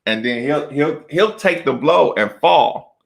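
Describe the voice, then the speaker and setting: Gravelly ex-hooper guy rambling thru old game stories, slangy and loose, kinda higher voice for a dude. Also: animated, measured pace. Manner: loose, slangy storytelling with lots of asides. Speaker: former college basketball player, podcast guest. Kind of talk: casual storytelling chat.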